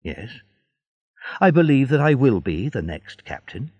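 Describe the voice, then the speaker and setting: Man doing earnest young seaman, sincere, husky, dry storybook reading. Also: medium pitch, sing-song, a little slow, no room sound, muffled recording, pitched above the performer's own voice. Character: young male sailor, earnest and happy.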